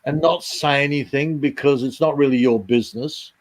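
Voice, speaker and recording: A man's voice: medium pitch, moderate pace. A man chatting casually with a friend, laid-back and a bit profane. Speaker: friend on call. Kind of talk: casual chat.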